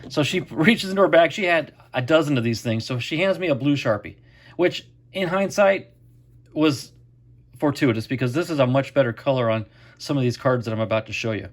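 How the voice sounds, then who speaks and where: The middle-aged host of a card collecting channel casually tells a story to camera, chatty and acting out quotes. His mid-range voice is expressive and brisk.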